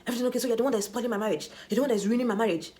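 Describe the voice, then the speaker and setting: A furious Nigerian husband hammers the same accusations over and over, his voice pushed up high and loud, as a woman puts him on while telling the story. He sounds indignant and hurt. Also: very fast, natural voice. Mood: accusing. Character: angry shouting jealous husband, a man.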